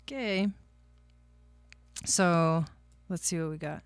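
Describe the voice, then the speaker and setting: A woman's voice: lowish voice, slow pace, clear, resonant tone, no echo. A woman doing casual livestream astrology and tarot readings, chatty, laughing often and talking to her viewers by name.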